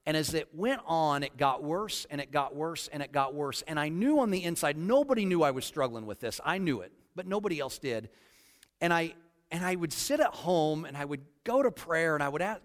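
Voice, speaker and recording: A middle-aged man preaching a sermon as a pastor, telling a personal story and shifting between loud pleading prayers and hushed confession. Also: a little high, expressive, moderate pace. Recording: long hall reverb.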